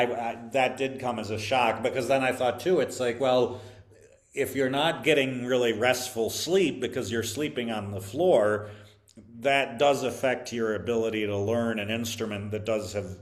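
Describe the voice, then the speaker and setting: Thoughtful man telling stories, halting. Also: mid-range voice. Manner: thoughtful, hesitant with many fillers and restarts. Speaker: interview guest, violin teacher. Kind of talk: reflective interview storytelling.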